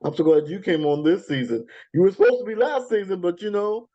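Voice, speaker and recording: Chatty host with a dull lo-fi sound. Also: male voice, high-pitched, lively intonation, fairly quick, dark tone. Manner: chatty, with frequent fillers and laughs. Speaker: podcast host. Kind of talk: casual countdown show chat.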